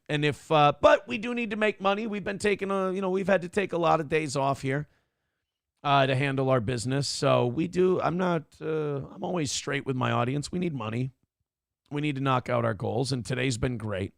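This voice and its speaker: A man's voice: a little high, gravelly, a bit bright, no room sound, studio quality. A man hosting a live-streamed morning show, talking casually and bluntly, swearing freely and reading out viewer donations.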